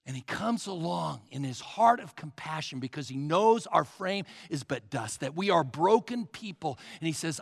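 A man's voice: fairly high pitch, lively intonation, normal speed, creaky, hardly any pauses, in a large hall. A man preaching a sermon as pastor, emphatic and urging his listeners to write points down.

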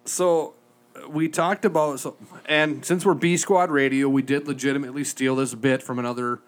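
A man co-hosting a podcast in a studio, telling a story with lively back-and-forth, acting out both sides of a phone call. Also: medium pitch, normal speed. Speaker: podcast co-host. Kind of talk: casual chat.

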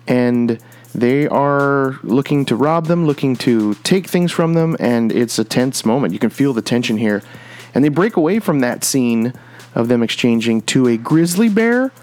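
A man's voice: medium pitch, a little mellow. A man hosting a comic book podcast, talking through his picks in an enthusiastic, rambling way with lots of restarts. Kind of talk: casual comic review monologue.

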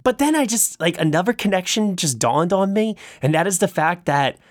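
A man hosting a casual film review chat, talking haltingly with frequent restarts and repeated words. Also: sits high, animated, no room sound, studio quality. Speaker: film review podcast host.

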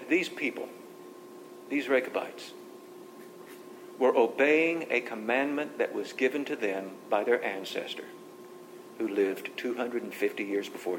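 Scripture is read aloud and then explained conversationally by a man leading a group Bible study. The room is echoey, and there's a faint low rumble in the background.

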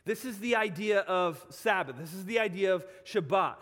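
A man's voice: high voice, moderate pace, fairly bright tone, long reverb tail. A male pastor preaching a sermon in a church, telling stories and repeating phrases for emphasis.

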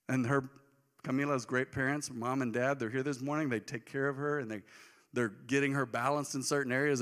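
Bright-voiced pastor in his forties. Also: a little high, big-room sound. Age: 40s. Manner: conversational, joking, with bursts of emphasis. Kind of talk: sermon.

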